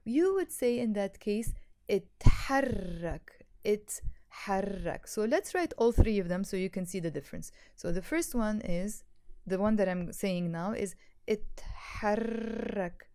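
A woman teaching a language lesson, patiently explaining and repeating words slowly for learners. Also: mid-range voice, animated, warm tone. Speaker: Arabic teacher.

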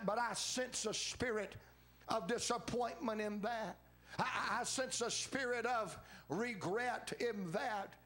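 High-voiced preacher man. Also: a bit bright. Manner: preaching in rising cadence with repeated phrases; folksy storytelling with humor. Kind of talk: revival sermon. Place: church sanctuary.

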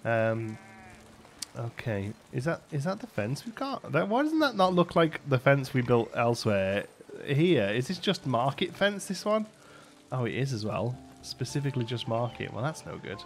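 A man's voice: medium pitch, very animated, normal speed, a little hiss or hum. A man casually commentating a city-building game as he plays, chatty and rambling, laughing often and thinking aloud. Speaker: let's play host.

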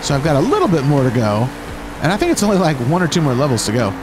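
Animated upbeat gaming host, man. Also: on the high side, racing, background noise. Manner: upbeat and chatty, drops into playful pirate talk. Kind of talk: let's-play gameplay commentary. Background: game music.

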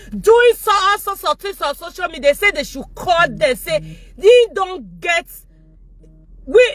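Nigerian woman, live-stream commentary, mocking and animated, dry close sound. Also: extremely high pitch, no room sound. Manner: mocking, animated, often shouting and laughing. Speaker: social media commentator.

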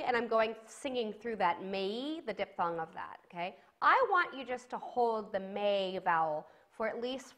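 A woman's voice: medium pitch, lively intonation, moderate pace, hardly any pauses, a bit bright. Woman, singing teacher, encouraging, speaks to camera, breaks into sung vowels. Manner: encouraging, demonstrates sung vowels between spoken instructions. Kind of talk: video singing lesson.

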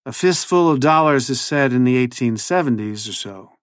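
A man's voice: mid-range voice, animated, normal speed, no echo, close to an everyday voice. A man voicing a tipsy, pedantic male history teacher with a dry, lecturing manner.

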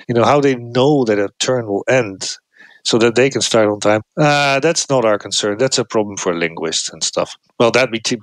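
A man talking as a podcast guest, explaining his research in a lively way, with frequent restarts and raised pitch when he acts out examples. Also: no room sound. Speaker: podcast guest, cognitive scientist. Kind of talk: explanatory interview talk.

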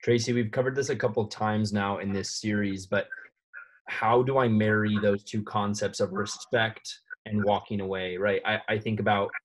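Reflective man hosting a youth panel, lowish voice. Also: normal speed. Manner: reflective, questioning, animated quotes. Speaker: youth ministry host. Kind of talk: faith-based panel talk.

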